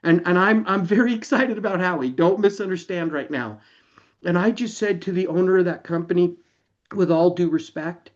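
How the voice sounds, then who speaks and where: A man's voice: sits high, a little fast. Earnest emotional man, muffled call audio. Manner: earnest, emotional, repeats himself for emphasis. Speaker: company founder addressing members. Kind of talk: online company announcement.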